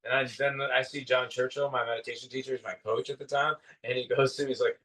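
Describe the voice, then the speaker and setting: A man's voice: medium pitch, flat delivery, quick pace, hardly any pauses, fairly bright tone. Rambling man in his fifties, off-mic. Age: 50s. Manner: enthusiastic, rambling, many "like" fillers. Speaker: podcast co-host. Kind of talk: casual spiritual conversation. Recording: distant from the mic.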